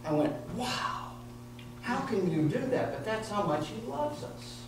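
A man's voice: high-pitched, very animated, unhurried. A male pastor preaching an earnest, emotional sermon full of repeated phrases. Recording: echoey room heard from a distance with faint noise.

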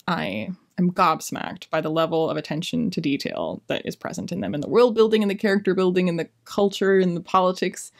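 A woman's voice: fairly low pitch, vocal fry. A young adult woman talking casually in a book review vlog, enthusiastic and gushing.

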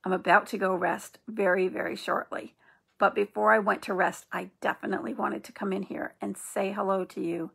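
A middle-aged woman hosting an inspirational channel, speaking in a gentle, earnest and reassuring way. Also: medium pitch, flat delivery, moderate pace, gravelly, husky. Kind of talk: encouraging spiritual talk.

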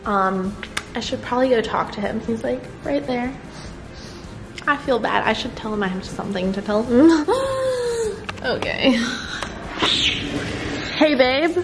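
Brief: young woman vlogger, high and very lively, gushing girly prank voice, echoey home room. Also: unhurried, long pauses, over music. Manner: exaggerated girly, gushing and whiny. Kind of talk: prank vlog, talking to camera. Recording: roomy echo.

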